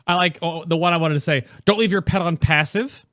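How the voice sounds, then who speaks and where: A man hosting a casual gaming podcast, reading chat aloud, laughing often and reacting in an animated way. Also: a little high, moderate pace, no room sound, clean studio sound. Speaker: podcast host.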